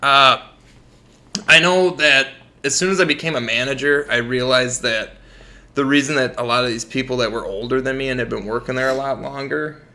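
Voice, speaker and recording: A man's voice: mid-range voice, normal speed, bright, forceful tone. A young American man co-hosting a podcast, telling profane work stories in casual chat and laughing often. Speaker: podcast co-host.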